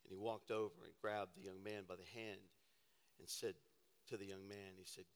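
A man preaching a sermon, telling a personal story with animated, self-deprecating humor in a church auditorium. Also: deep voice, moderate pace, clean tone. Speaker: pastor. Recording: hall reverb.

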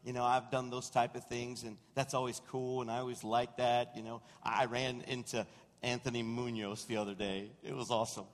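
Animated storytelling pastor in a reverberant hall. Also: male voice, mid-range voice, moderate pace. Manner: storytelling, animated, mimics quoted voices. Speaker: senior pastor. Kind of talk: sermon. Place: church sanctuary. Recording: long reverb of a large room.

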